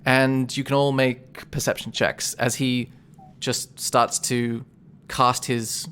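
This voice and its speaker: Brief: a relaxed male game master, middle pitch, narrating a tabletop session. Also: slow, smooth. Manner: relaxed, rambling, self-correcting.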